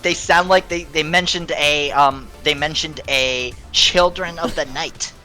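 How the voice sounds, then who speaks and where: A man's voice: on the high side, steady tone, a little slow, sharp tone, faint music behind. A man narrating as game master of a tabletop game, hesitant with many ums and restarts.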